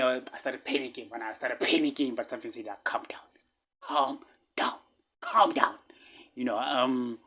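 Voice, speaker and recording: A man with a South African accent telling a personal story casually, repeating himself emphatically and dropping to hushed asides. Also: medium pitch.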